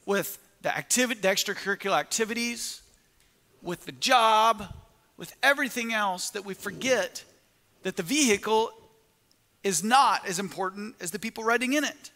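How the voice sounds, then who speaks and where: A man's voice: high-pitched, moderate pace, bright, forceful tone, in a large hall. A man preaching a sermon, telling a story with quoted asides and frequent restarts.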